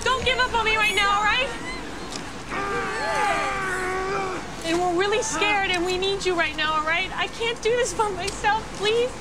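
An actress playing a terrified young woman who shouts and pleads with someone not to give up. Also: very high-pitched, fast, noisy background. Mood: desperate pleading. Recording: film clip with loud score and crowd.

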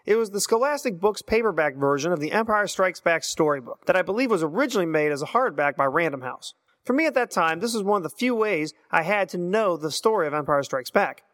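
A man in his thirties leaves a voicemail as a listener, earnestly reminiscing and reading passages aloud. His voice sits on the high side and is expressive, fast, and a bit bright. A long hall reverb colors the recording.

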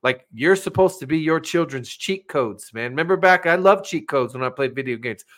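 Man, 40s, podcast co-host, earnest, preachy, bright forceful voice. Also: on the high side, expressive, normal speed. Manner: earnest, gets emotional, preachy. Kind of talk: casual faith talk.

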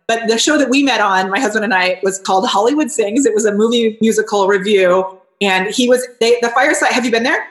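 A woman's voice: a little high, a little fast. A woman being interviewed on a podcast, talking casually and with enthusiasm, often restarting her sentences. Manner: bubbly and enthusiastic, with frequent restarts. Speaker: podcast guest. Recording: roomy echo.

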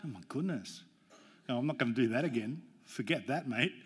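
A man's voice: mid-range voice, expressive, a little fast, husky. A man preaching a sermon as pastor, mixing jokes and family stories with emphatic, rising points. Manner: jokey, storytelling preacher with emphatic rises.

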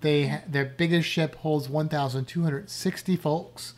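A woman's voice: low voice, fairly even intonation, unhurried, darkish tone. A woman co-hosting a podcast in casual, rambling, self-deprecating chat. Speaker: podcast co-host.

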